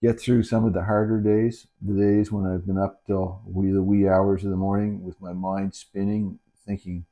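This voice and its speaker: A middle-aged man, a dementia caregiver, talking candidly and haltingly in a reflective personal video, with many restarts. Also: low voice, flat delivery, dark tone. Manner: earnest and candid. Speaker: dementia caregiver and channel host. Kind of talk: reflective personal talk to camera.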